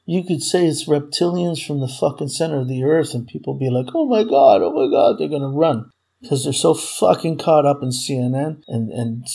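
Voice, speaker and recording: Gravelly-voiced man ranting furiously. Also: medium pitch, warm tone. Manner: furious, profane, repetitive ranting. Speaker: vlogger. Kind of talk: angry political rant to camera.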